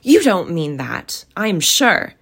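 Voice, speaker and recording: A woman reading a storybook aloud, voicing a cheerful young man in a much higher and louder voice, bright and exclamatory. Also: big pitch swings, takes it slowly, gravelly, breathy edge, heavily acted.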